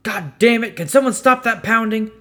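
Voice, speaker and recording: A man voicing a volatile male space-station worker, shouting in fury and strain. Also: sits high, moderate pace, voice pushed up. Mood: furious shouting. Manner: shouting, furious, harrowed.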